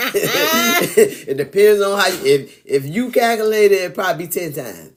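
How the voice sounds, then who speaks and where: A man co-hosting a live relationship chat in a casual, joking, folksy way, with a voice that is still changing and slightly raspy. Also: high voice, animated, a little slow. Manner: laid-back, joking, folksy. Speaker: podcast co-host.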